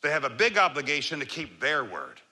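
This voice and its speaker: A man delivers a keynote on leadership to a live audience, his pitch leaping and dropping with lively range. His voice is very bright and sharp, and he moves between forceful emphasis and a low, slow, calm register. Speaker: leadership speaker. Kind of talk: motivational keynote talk.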